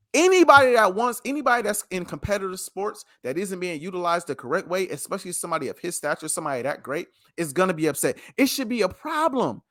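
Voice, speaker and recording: A man's voice: high voice, fairly bright tone, dry recording, clean studio sound. A man co-hosting a sports podcast, ranting passionately and repeating himself for emphasis in a heated debate.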